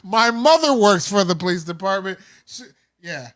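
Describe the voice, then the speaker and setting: A man's voice: high voice, lively intonation, moderate pace, a bit bright. A young man co-hosting a podcast in loose, profane, joking chat, laughing often into a close mic. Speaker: podcast co-host. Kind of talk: casual chat.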